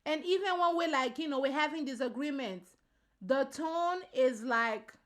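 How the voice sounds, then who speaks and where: Woman vlogger, high and bright, slangy and emphatic, repeats lines for stress. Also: normal speed. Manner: slangy, informal address to viewers. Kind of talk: casual opinion commentary to camera.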